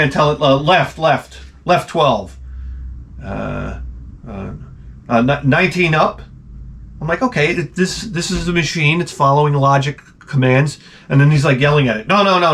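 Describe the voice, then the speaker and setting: A man hosting his own channel, telling a rambling comic story with lots of swearing and loud mouth sound effects. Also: mid-range voice, a little hiss or hum. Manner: animated, profane, with loud sound-effect imitations. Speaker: channel host. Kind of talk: rambling comedic monologue.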